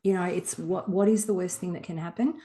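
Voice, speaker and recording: A woman guesting on a podcast speaks in a lowish voice. She talks candidly and reflectively, with an earthy turn of phrase. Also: steady tone, brisk, dark tone. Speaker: guest author. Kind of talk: casual interview talk.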